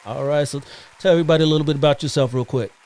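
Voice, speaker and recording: A man's voice: on the high side, very fast, a little mellow, some chatter behind, a little hiss or hum. A man hosting a live online interview show, upbeat and chatty, often repeating himself, heard over a video call. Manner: upbeat, repeats phrases, loose filler. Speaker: talk show host.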